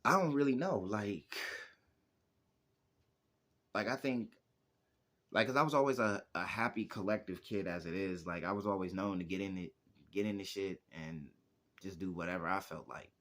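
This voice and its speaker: Low-voiced young man telling stories casually. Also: moderate pace, long pauses, a bit bright. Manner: rambling, heavy use of "like" fillers. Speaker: music producer and rapper. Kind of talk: casual interview storytelling.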